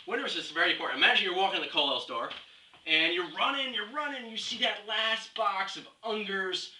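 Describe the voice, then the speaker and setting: A man's voice: high voice, a little fast, pushed and bright. A young man delivering a rambling, scatterbrained comic rant with mock-serious reasoning, recorded at a distance in a roomy space with faint hiss. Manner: rambling, scatterbrained, jumps between topics. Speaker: comedy video blogger.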